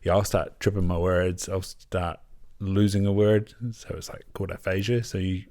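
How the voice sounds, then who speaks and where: A man's voice: deep voice, little pitch movement, normal speed, a little mellow. A young man hosting a podcast, chatting candidly and casually, laughing often and swearing. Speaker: podcast host. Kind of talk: casual chat.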